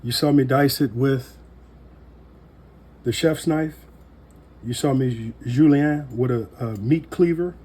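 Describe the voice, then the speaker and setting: A man giving a casual cooking demonstration in a relaxed, folksy way with joking asides. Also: mid-range voice, slow pace, long pauses, a little hiss or hum. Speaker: home cook demonstrating knife skills.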